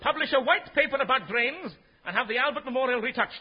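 An excitable bumbling hero. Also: male voice, very high voice, fast, a crowd in the background. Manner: excitable, shouting outbursts, giggling. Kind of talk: 1950s radio comedy acting. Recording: noisy dull old radio recording.

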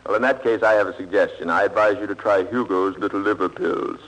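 A man's voice: lowish voice, fairly even intonation, quick pace, a bit bright, poor audio. A man playing the breezy, teasing straight man in a 1940s radio comedy routine.

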